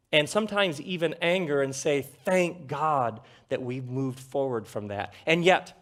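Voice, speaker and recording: A middle-aged man giving a live talk on a theater stage, conversational and jokey, with rhetorical questions and dramatic pauses. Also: fairly high pitch, fairly bright tone. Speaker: speaker addressing a live audience.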